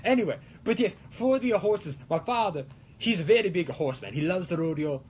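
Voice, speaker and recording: A hammy, boastful Italian-accented rancher type, as a man puts him on for a livestream. He rambles in a sing-song, theatrical lilt, pitched up high. A faint hiss sits under the voice. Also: lively intonation, a little fast, a little mellow. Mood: playful. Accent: put-on Italian. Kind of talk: livestream chat in character.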